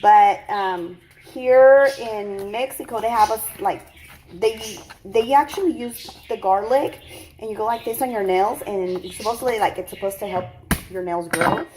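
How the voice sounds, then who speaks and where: Woman, home cooking vlog, unhurried, rambling with fillers, teary from onions, faint noise. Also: medium pitch, a little mellow. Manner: chatty, rambling, many fillers and self-corrections. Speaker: cooking vlogger. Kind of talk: casual cooking tutorial. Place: home kitchen in Mexico.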